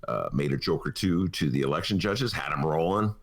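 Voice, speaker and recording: A man's voice: sits low, sing-song, brisk, fairly bright tone. A middle-aged man hosting a casual podcast talk show from a studio, rambling through jokes and asides with frequent chuckles. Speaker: podcast host.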